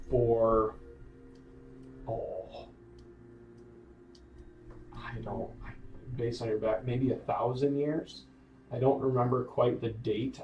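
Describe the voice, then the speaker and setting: A man's voice: medium pitch, highs cut off. Roomy, distant game master man. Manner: relaxed, conversational narration with fillers. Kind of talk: narrating a tabletop game. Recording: roomy, distant mic, faint background noise.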